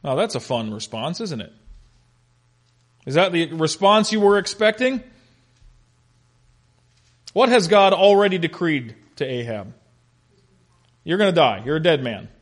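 A man with a fairly high voice teaching a Bible study class. He is animated and full of questions, and he adds touches of humor as he walks through the passage. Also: unhurried, pauses often. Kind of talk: interactive Bible lesson.

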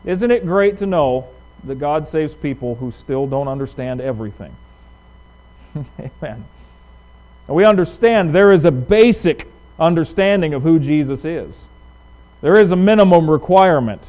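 A middle-aged man preaching a sermon as pastor, talking conversationally with emphatic rises and quick asides. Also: mid-range voice, darkish tone, poor audio.

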